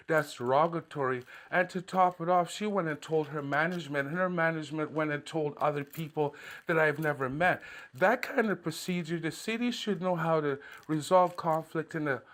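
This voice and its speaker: Man, fairly high voice, personal complaint monologue, aggrieved, long-winded recounting. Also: a bit bright. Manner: aggrieved, recounting events at length; dismissive filler repeats. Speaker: citizen filing a complaint.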